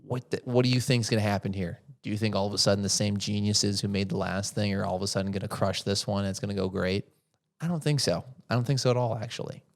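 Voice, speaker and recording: Man, podcast host, low gravelly voice, rhetorical, opinionated monologue. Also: fairly even intonation, fast. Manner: rhetorical, asks questions then answers them.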